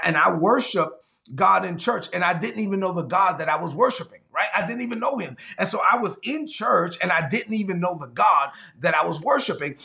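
A man's voice: sits high, gravelly, pushed and bright. A man preaching a sermon, earnest and confessional, often repeating and restarting his phrases.

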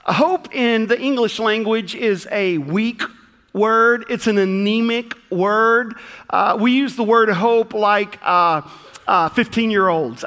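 Folksy Southern preacher, bright and high. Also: male voice, takes it slowly, big-room sound. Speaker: pastor. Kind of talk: sermon. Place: church sanctuary.

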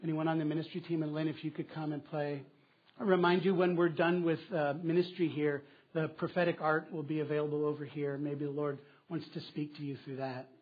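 A man's voice: fairly high pitch, flat delivery, brisk, highs cut off. A man preaching a sermon as pastor, asking questions aloud and repeating key phrases for emphasis.

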